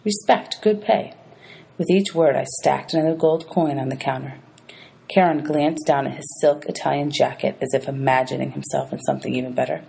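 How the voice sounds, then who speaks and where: A woman's voice: very deep voice, fairly even intonation, a little fast, creaky, mellow, slight background noise, rough recording. A woman teacher reading a novel aloud to her students, announcing page numbers as she goes.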